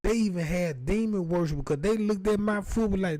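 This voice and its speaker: A man rambles through a loose, profane comic story, dropping in quick put-on voices as he goes. His voice sits on the higher side for a man. The sound is close and dry, with no room around it. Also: a little mellow, dry recording, rough recording. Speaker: comedian.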